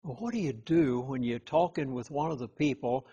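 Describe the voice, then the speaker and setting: A man speaking as a chaplain in an interview, talking earnestly and stressing key words hard, with halting restarts. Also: mid-range voice, mellow, slightly rough, dull audio.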